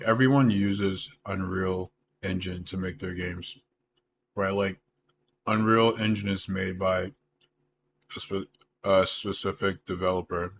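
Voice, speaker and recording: Man streaming live, deep voice, very flat delivery, rambling with lots of fillers, noise behind. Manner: rambling, filler-heavy, eating while talking. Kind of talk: casual live-stream chat.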